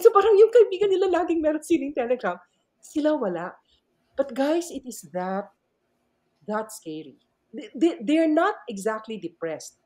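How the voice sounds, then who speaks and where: A middle-aged woman with a Filipino accent, a math teacher telling animated stories as a podcast guest and switching between Tagalog and English. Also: fairly high pitch. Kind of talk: casual podcast storytelling.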